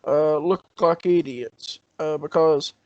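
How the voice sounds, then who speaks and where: A man with a high voice talks casually, rambling and hesitant, often breaking into a laugh. The recording is dry and dull, with a lo-fi sound. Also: fairly even intonation, slow pace, dry recording. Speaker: podcast co-host. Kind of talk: casual political chat.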